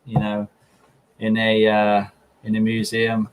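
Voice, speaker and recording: Laid-back man, slightly low voice. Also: takes it slowly, smooth, low-quality recording. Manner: relaxed, rambling, many ums and restarts. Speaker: car channel host answering viewer questions. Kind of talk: casual chat.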